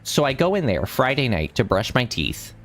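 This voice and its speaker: A young man streaming, telling an anecdote in casual chat with a rambling, animated delivery. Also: medium pitch, moderate pace, soft background music. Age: young adult. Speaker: streamer host.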